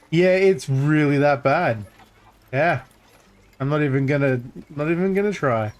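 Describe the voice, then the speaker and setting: A man's voice: on the high side, unhurried. A male streamer giving casual commentary while playing a game, with joking, sarcastic asides.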